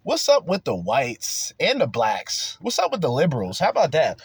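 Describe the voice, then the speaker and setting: A man's voice: on the high side, wildly swooping pitch, normal speed, hardly any pauses, slightly rough, dry recording. A man hosting a podcast, ranting in a heated, profane, emphatic way and firing off rhetorical questions. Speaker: podcast host. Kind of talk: solo opinion rant.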